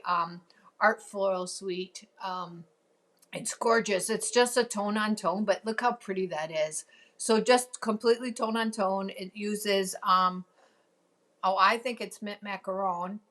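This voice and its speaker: A woman's voice: medium pitch, fairly bright tone. A woman hosting a casual live crafting stream, chatting and answering viewer comments with plenty of ums. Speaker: crafting show host.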